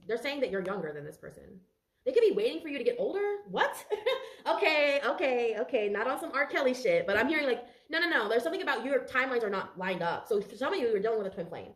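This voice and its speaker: Fast-talking woman reading tarot. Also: medium pitch, roomy sound. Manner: chatty, emotional, swears casually, talks straight to viewers. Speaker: tarot reader. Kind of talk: casual tarot reading to camera.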